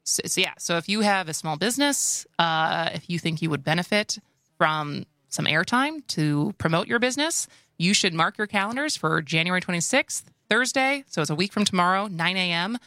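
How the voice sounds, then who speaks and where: A woman co-hosting a radio talk show with a Wisconsin accent, chatty and quick to laugh. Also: on the low side, lively intonation, bright, forceful tone, dry recording, studio quality. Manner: chatty, laughs easily, restarts often. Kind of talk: casual radio chat. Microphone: studio microphone.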